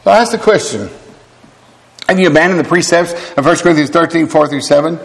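An older man preaches in a church hall, his voice pitched a little high and carrying a long reverb. He is emphatic and animated, stressing his points and dropping in quick laughs and asides. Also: gravelly. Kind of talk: sermon.

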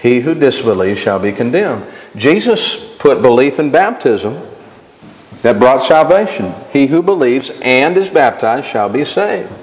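A man's voice: medium pitch, measured pace. Preacher man in an echoing hall. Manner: animated, rhetorical questions, voices imagined objectors. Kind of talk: sermon. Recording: long hall reverb.

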